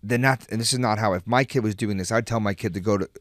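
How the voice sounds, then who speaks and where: A man, a podcast guest, telling a story with animated, profane energy in casual chat. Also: lowish voice, fast, dry recording, clean studio sound.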